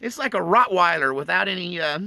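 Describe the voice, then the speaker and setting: Man from East Texas, rambling storyteller, gravelly voice, bright tone. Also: sits high, lively intonation, fairly quick, no room sound. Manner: rambling, chuckling between lines. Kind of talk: casual spoken storytelling.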